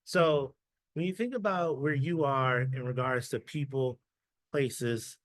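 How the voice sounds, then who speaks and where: A man's voice: mid-range voice, slow pace, dry recording. A man giving a casual, chatty talk as a guest speaker, telling stories with dry humor and acting out quoted dialogue. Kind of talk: storytelling talk to an audience.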